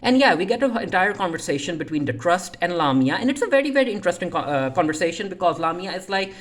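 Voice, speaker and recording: Very animated and quick, this mid-range voice belongs to a TV reviewer giving a casual episode recap. Lines get paraphrased, scenes are retold loosely, and "uh" pops up a lot.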